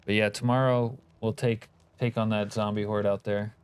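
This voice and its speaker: A man's voice: on the low side, level tone, moderate pace, clear, resonant tone. A man hosting a livestream, chatting casually and joking with his viewers in a profane banter while reading chat. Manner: reads and answers live chat. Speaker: livestream host.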